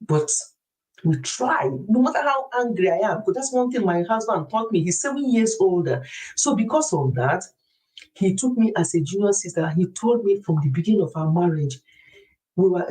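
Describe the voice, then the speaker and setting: A middle-aged woman hosting a wellness show, chatting to a group in a lively, confiding storytelling way. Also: lowish voice, rough recording. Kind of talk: casual chat to a group.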